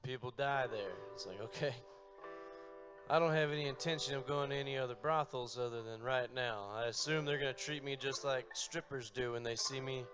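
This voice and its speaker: A man telling a long, profane, deadpan story on stage between songs. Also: medium pitch, fairly quick, music in the background. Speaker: comedic storyteller and musician. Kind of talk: stand-up storytelling.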